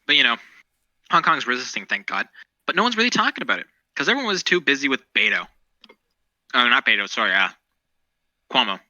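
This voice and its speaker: A male podcast co-host rambles through current events, swearing and opinionated. His voice is sharp and bright, recorded dry on a dull, lo-fi mic. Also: mid-range voice, very animated, quick pace, long pauses, no echo. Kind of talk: casual current-events chat.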